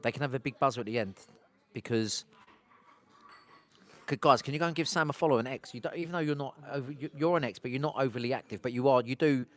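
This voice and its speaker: Fast-talking man chatting on a live stream. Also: medium pitch, a bit bright. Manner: rambling, self-interrupting, talks to viewers. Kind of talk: casual live-stream chat. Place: outdoors on a street.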